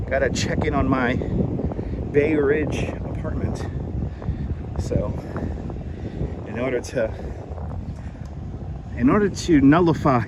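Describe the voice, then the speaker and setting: A man hosting a live walking stream on a beach, chatty and a little out of breath, greeting viewers by name over a clip-on mic. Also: fairly high pitch. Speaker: livestream host. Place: outdoors on a windy beach. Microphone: wireless clip-on mic. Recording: wind noise on outdoor mic.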